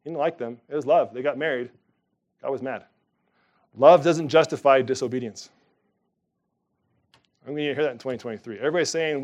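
A middle-aged man preaching a sermon from the pulpit, emphatic and animated, with sudden loud rises. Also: mid-range voice, a little fast, pauses often. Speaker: pastor.

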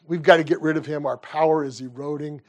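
A man playing anxious religious leaders plotting in a Bible story, urgent and grumbling. The voice is slightly high, close to his own. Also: fairly even intonation, fast talker, dull audio, lightly acted.

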